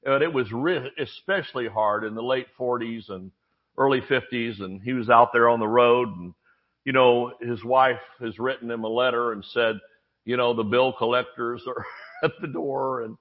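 A pastor with a medium-pitched voice preaches a sermon at normal speed, animatedly telling stories, acting out voices, and cracking jokes. The sermon audio is dull and lo-fi.

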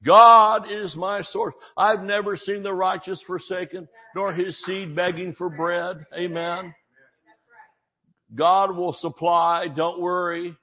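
Male pastor, slow deliberate delivery, fairly high voice, dull lo-fi sermon audio. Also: level tone. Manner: preaching with scripture, jokes and sudden shouts.

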